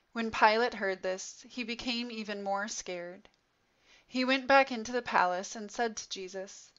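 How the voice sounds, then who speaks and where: A woman reads scripture aloud at an unhurried, deliberate pace, each phrase measured and solemn. Her voice sits a little high and bright. The recording sounds dull and lo-fi. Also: steady tone. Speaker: scripture reader. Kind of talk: slow scripture reading. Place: church.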